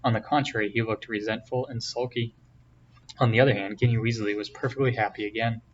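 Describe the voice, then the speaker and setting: A man reading a novel aloud in a steady, plain storytelling voice. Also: mid-range voice, a little fast. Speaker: reader. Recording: distant, dull, faint hiss.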